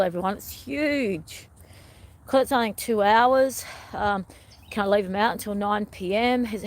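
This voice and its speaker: A middle-aged woman vlogger chatting to her viewers in a meandering, rambling way and often calling them everyone. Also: mid-range voice. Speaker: wellness vlogger. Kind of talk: rambling live-stream chat.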